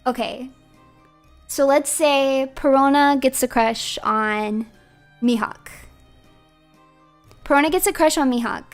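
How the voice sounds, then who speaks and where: A chatty woman streamer talks casually on her livestream in a high, bright voice, playful and quick to laugh. Soft music plays underneath.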